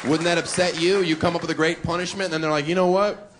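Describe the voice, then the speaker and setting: Brash stand-up comic with a laughing crowd. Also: male voice, fairly high pitch, steady tone, fast. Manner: brash, mocking delivery with sudden shouts. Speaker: stand-up comedian. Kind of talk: stand-up comedy set. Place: stage before a live audience. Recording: live club recording with crowd noise. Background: audience laughter.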